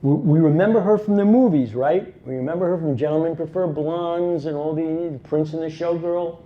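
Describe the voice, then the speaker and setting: A man's voice: a little high, normal speed, a little hiss or hum. A man giving a dramatic storytelling talk as a conference speaker, emphatic and full of rhetorical asides. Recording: dull lo-fi recording.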